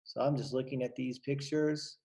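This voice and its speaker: A man, a kindergarten teacher, reading a picture book aloud to young children and pausing to point out the pictures. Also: medium pitch, fairly even intonation, creaky, mellow.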